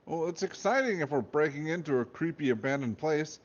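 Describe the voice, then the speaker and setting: A man's voice: a little high, lively intonation, brisk, muffled recording, pitched above the performer's own voice. A man voicing a grumpy, easily bored teenage boy who grumbles dryly. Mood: grumbling.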